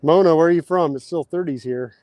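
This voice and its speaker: A male livestream host chats with viewers outdoors while digging post holes, reading out their comments and getting out of breath at times. His voice sits on the high side, fairly quick and a little mellow, with no room sound.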